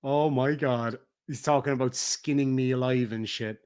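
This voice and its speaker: A middle-aged Irish man ranting on a livestream, profane and taunting, swinging between loud outbursts and low mutters. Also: fairly even intonation, normal speed, smooth. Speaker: streamer. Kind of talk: heated livestream rant.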